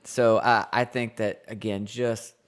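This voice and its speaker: A man's voice: on the low side, flat delivery, measured pace, clear, resonant tone. A man in his thirties co-hosting a podcast with his wife, talking earnestly in a loose, rambling way with many restarts. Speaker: podcast co-host. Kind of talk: casual podcast chat.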